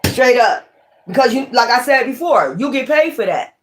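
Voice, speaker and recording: A woman's voice: fairly high pitch, sing-song, moderate pace, fairly bright tone, slight background noise. A woman giving a tarot reading in a blunt, profane, emphatic way. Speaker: tarot reader.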